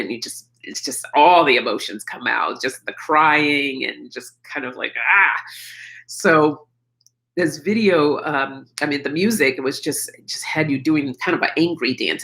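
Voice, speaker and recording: Frank middle-aged woman with a gravelly voice. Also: low-pitched, a bit bright, rough recording. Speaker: livestream host. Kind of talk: candid live chat.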